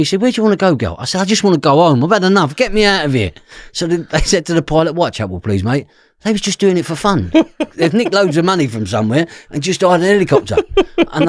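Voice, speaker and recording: In a clean studio recording with no room sound, a man with a mid-range voice and an East London accent tells stories about his past during a podcast interview. He acts out the voices of other people along the way.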